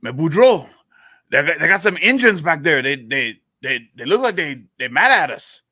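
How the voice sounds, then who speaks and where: A man voicing an excitable Cajun man on horseback, with a Louisiana Cajun accent and a high, stammering, urgent drawl. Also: moderate pace, dry recording, studio quality, full character voice. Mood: worried.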